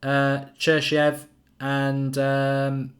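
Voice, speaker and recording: A man's voice: medium pitch, monotone, drawn-out words. A man hosting a live football watchalong, chatting casually and reading out viewer comments. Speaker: watchalong host.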